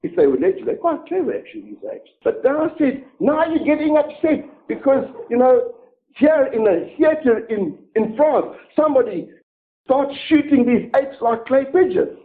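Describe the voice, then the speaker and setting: A middle-aged man preaching with biting sarcasm, his high voice leaping wildly up and down. A gravelly edge runs under his words, and the sound is thin and tinny, like a phone line. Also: very animated, normal speed. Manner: sarcastic, mocking, theatrical swings of voice. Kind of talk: sermon.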